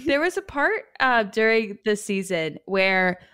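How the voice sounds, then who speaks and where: A woman's voice: mid-range voice, sing-song, unhurried, pushed and bright, clear, resonant tone. A woman co-hosting a podcast, asking questions in an eager, supportive, chatty way. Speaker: podcast co-host. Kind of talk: casual chat.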